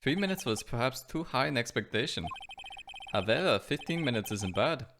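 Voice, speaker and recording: A man voicing a stern older male judge in a formal, deliberate tone. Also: mid-range voice, expressive, background noise, voice pushed up, natural voice.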